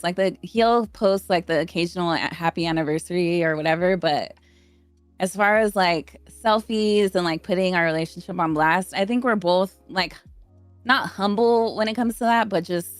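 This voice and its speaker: A woman's voice: on the low side, no room sound. Woman, thirties, rambling casual storyteller, dry close sound. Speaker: podcast guest. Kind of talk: casual chat.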